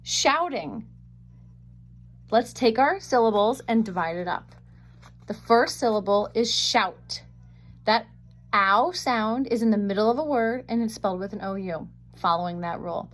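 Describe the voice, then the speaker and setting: A woman teaching a phonics lesson, sounding out words slowly and carefully on a webcam microphone. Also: mid-range voice.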